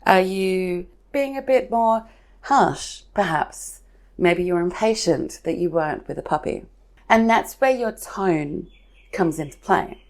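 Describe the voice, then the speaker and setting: A woman hosting a marketing podcast who explains ideas in a chatty, lively way and leans on everyday examples. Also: lowish voice, slow. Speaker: podcast host from a marketing agency. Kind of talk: casual explanatory talk.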